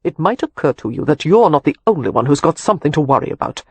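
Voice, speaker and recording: A man's voice: a little high, big pitch swings, fast talker, a little mellow, breathy edge, dry recording, full character voice. A man reading an audiobook, voicing a weary, protective young husband who talks earnestly with a wry edge. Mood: heated.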